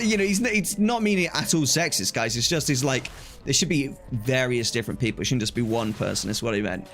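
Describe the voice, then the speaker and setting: A man's voice: mid-range voice, fairly quick, a bit bright, faint music behind. A young man chatting casually on a live stream, telling stories animatedly, acting out quoted exchanges and laughing often.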